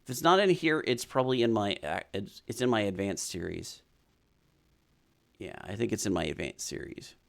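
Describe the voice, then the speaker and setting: A man hosting a casual live stream, chatting and reading viewer comments aloud as he thinks out loud. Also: on the low side, expressive, normal speed, vocal fry.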